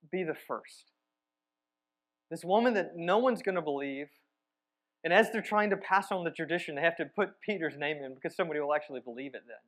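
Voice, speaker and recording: A man with a slightly high voice preaching a sermon. He retells the story vividly, pressing some words hard and dropping others to a near-hush. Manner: storytelling, swinging between emphatic and hushed. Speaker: church teacher.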